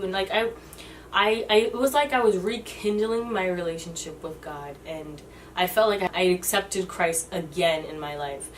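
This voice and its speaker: A woman in her twenties telling a personal story in a halting, emotional way, often restarting her sentences. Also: lowish voice, distant mic, a little hiss or hum. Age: 20s. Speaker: vlogger.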